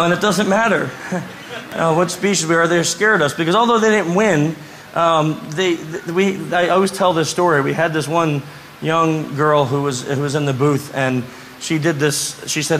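A man giving a conference talk, telling stories in a lively way and acting out the people he quotes. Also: on the high side, a little hiss or hum, poor audio. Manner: animated storyteller, acts out quoted voices. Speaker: conference speaker. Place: conference room before an audience.

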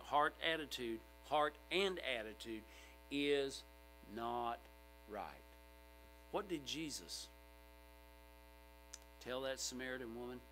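Emphatic male pastor, bright voice. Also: on the high side, rough recording. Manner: emphatic, swinging from loud to hushed. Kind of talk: sermon. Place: church sanctuary.

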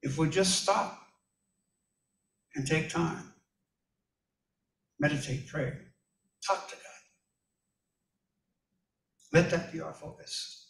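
A man preaching a relaxed, story-driven sermon with a fairly high voice. He sounds a little distant from the microphone, and the room around him is echoey and reverberant. His folksy manner sounds like he is chatting with the congregation. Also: slow pace, gravelly, pauses often. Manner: folksy, personal anecdotes addressed to listeners. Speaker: pastor.

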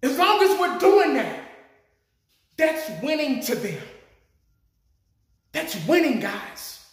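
Man, fan vlogger, high voice, lively pitch swings, profane animated rant, very echoey room. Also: takes it slowly. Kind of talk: ranting fan commentary.

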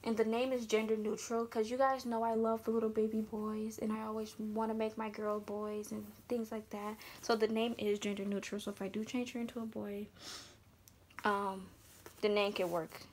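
A young woman vlogging casually as she unboxes something, gushing and often dropping into breathy whispers. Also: a little high, flat delivery, normal speed, a little mellow, a little hiss or hum.

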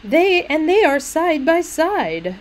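A woman's voice: high-pitched, big pitch swings, slow pace, voice pushed up, exaggerated voice, rough recording. A woman voicing a cheerful little country girl, reciting verse in a lilting, childlike sing-song.

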